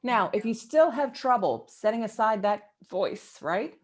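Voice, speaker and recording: A middle-aged woman, an executive guest, giving motivational advice in an interview with emphatic, animated delivery. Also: unhurried. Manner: emphatic and animated, with big swings in pitch.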